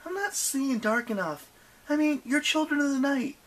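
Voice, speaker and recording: A woman's voice: high-pitched, lively intonation, moderate pace, voice pushed up, rough recording. A woman voicing a bold, clever teenage girl demigod who taunts her foes, in a storybook reading. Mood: taunting. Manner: defiant, taunting.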